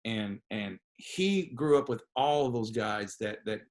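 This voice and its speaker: A man's voice: lowish voice, unhurried. A man, a guest comedian telling stories in a casual podcast chat, swearing freely. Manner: animated storyteller, swears freely, puts on voices.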